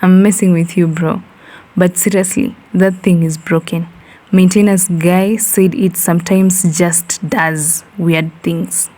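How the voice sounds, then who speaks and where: A woman voicing a joking male security guard who talks in a quick, casual way. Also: fairly low pitch, steady tone, dark tone.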